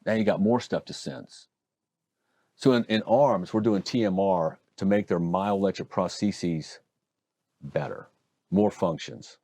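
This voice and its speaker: A middle-aged man from Oregon, a hand surgeon telling stories and explaining procedures in a folksy, animated interview manner. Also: low-pitched, unhurried. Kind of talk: conversational interview storytelling.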